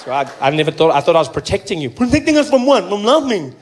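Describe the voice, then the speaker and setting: A man's voice: high-pitched, very animated, fast talker, very noisy. A comedian, putting on the voice of an eager, blunt young man who is partially deaf and keeps pressing his point. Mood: insistent. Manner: loud, insistent, pushy.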